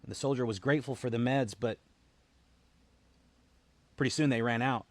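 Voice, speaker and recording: A man of middle pitch speaks to camera in a dry, close recording. He is a veteran, earnest and halting, often repeating a word before going on. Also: dry recording. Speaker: military veteran, founder of a veterans' support group. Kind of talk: personal storytelling to camera.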